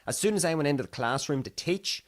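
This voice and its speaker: With a slightly high, expressive voice at a quick pace, a young podcast host from Ireland talks casually through the news and keeps wandering off topic. In this solo commentary he's chatty and digressive, and he mimics other people's voices.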